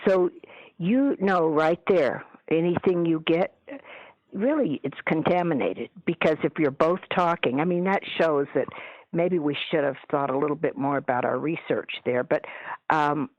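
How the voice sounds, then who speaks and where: A woman telling stories as a guest in a radio interview, chatty and animated, acting out what people said. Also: low voice, moderate pace, dry recording. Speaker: guest, paranormal author. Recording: dull lo-fi radio audio.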